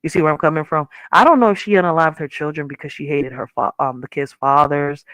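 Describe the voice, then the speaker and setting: A woman's voice: sits low, fast, fairly bright tone, no echo. A woman in her thirties hosting a podcast, talking candidly and profanely in a rambling casual way, often checking if listeners follow. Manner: candid, rambling, profane, asks 'you see where I'm coming from'. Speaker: podcast host. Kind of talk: casual commentary.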